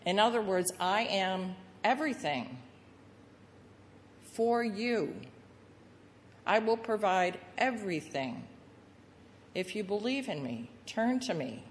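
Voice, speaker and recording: A woman pastor preaching a sermon, telling the story lively and acting out the voices of the people in it. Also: mid-range voice, slow, long pauses, long reverb tail, a little hiss or hum. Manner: storytelling with acted-out voices of the crowd and Jesus.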